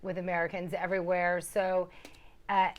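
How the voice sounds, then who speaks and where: A woman's voice: lowish voice, flat delivery, normal speed. A woman co-hosting a talk show, steering the chat and leading into breaks. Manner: steering, chatty host talk.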